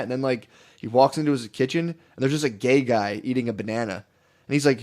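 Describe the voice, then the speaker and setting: A man's voice: medium pitch, fast talker, darkish tone. A young man co-hosting a crude comedy podcast, rambling through stories and quoting people in goofy voices. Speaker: podcast co-host.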